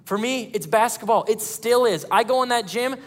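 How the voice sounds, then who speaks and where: A man's voice: very high voice, moderate pace, long reverb tail. A young man preaching as a pastor, telling stories in a casual, conversational way with playful asides. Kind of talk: sermon. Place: church hall.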